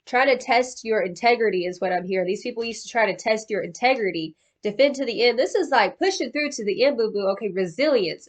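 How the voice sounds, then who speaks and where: A woman giving a casual tarot card reading in a slangy, profane, chatty way, calling the listener boo-boo. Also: a little high. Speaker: tarot reader.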